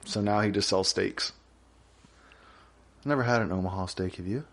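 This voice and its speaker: A man's voice: low-pitched, normal speed, creaky, a loud crowd. A man co-hosting a casual podcast chat, joking crudely and riffing. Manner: crude, joking, riffs into loud put-on voices. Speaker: podcast co-host.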